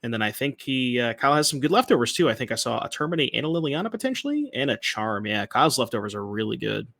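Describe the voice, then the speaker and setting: Fast bright-voiced male commentator. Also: medium pitch, sing-song, creaky. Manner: quick, analytical. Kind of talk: card game color commentary.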